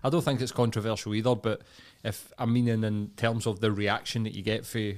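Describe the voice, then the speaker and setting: A man's voice: fairly low pitch, flat delivery, brisk, a little mellow. A Scottish man co-hosting a podcast, talking bluntly in casual, sweary chat and laughing often. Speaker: podcast co-host.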